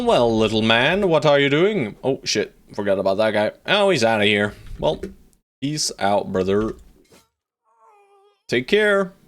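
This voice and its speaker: A man streaming a strategy game live, chatting playfully to viewers and bossing his units around with casual swearing. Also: medium pitch. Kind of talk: live gameplay commentary.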